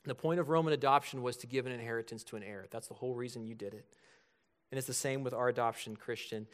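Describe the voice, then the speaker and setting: A man's voice: medium pitch, fast, fairly bright tone. A man in his thirties preaching a sermon as pastor, earnest and building to emphatic points.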